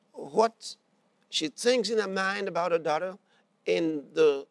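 A man's voice: sits high, gravelly, no echo. A man preaching a sermon and telling a story, repeating his phrases for emphasis.

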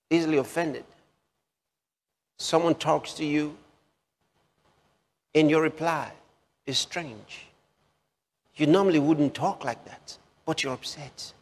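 A man preaching in a deliberate, unhurried sermon style, his voice sitting a little higher than most men's. He repeats phrases for emphasis and leans into long pauses. The sound rings with the long reverb of a large church hall.

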